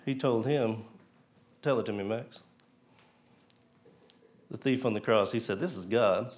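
In an informal church talk, a man shares his testimony in a chatty way, chuckling and often questioning the audience. He speaks unhurriedly in a voice on the low side.

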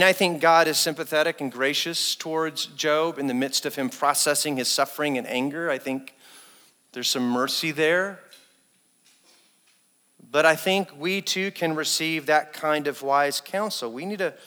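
Bright-voiced preacher in a reverberant hall. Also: male voice, mid-range voice. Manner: animated preaching, acting out quoted speech. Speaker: associate pastor. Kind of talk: sermon. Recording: long reverb in a church hall.

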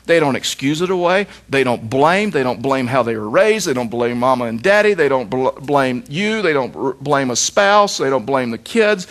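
A man's voice: medium pitch, lively intonation, normal speed, hardly any pauses, fairly bright tone. A middle-aged man pastor preaching a sermon, with emphatic repetition and rhetorical questions.

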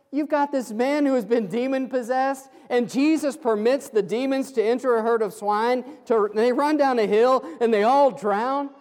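A male pastor preaching a sermon, slowing into emphatic, pleading phrases. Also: high-pitched, a little mellow, in a large hall. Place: church sanctuary.

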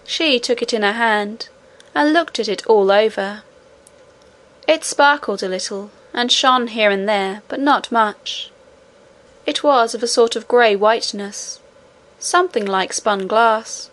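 A woman reading a children's story aloud in a gentle, carefully paced way. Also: a little high, measured pace. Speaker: audiobook narrator.

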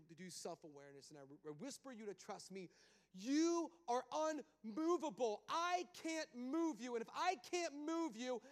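A stern, blunt divine voice, as a preaching man puts on God, spoken casually as if to a friend. The voice sits very high and rings out with a long hall reverb. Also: fairly bright tone, heavily acted.

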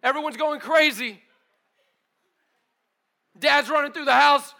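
A man preaching a sermon with animated storytelling, casual slang, and acted-out voices. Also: very high-pitched, normal speed, creaky, pauses often. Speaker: pastor.

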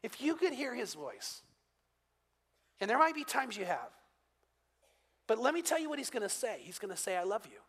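A man's voice: extremely high pitch, sing-song, normal speed, long pauses, a bit bright. An older man preaching a sermon, with a conversational, storytelling manner and touches of humor. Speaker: pastor. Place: church sanctuary. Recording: long hall reverb.

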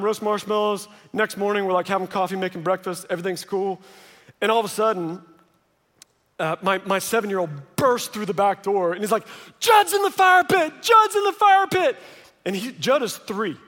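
A man's voice: high voice, normal speed. A man in his thirties preaching a sermon as a pastor, telling family stories with joking asides. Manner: lively storytelling with joking asides. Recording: long reverb of a large hall.

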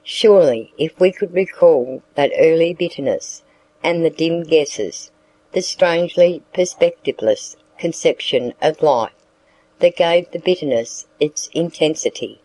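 A reader narrating a classic novel as an audiobook in a measured way. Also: medium pitch, animated, a little mellow, rough recording. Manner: slow, measured reading.

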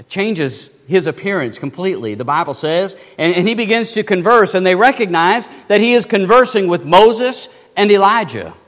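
A man delivers an emphatic sermon in a fairly high voice, leaning hard on key phrases and slowing to stress them. His volume swings from hushed to loud. The sound trails off in the long reverb of a church sanctuary. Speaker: preacher.

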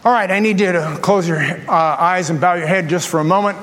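A man preaching a sermon as pastor, telling a story with lively, acted-out asides to his congregation. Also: sits high, brisk, some chatter behind. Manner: animated storytelling, acts out his own thoughts. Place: large church hall. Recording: long hall reverb.

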